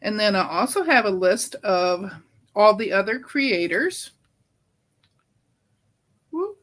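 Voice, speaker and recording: Middle-aged woman, crafting channel host, slow, chatty and homey. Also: medium pitch, very animated, fairly bright tone. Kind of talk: casual crafting tutorial.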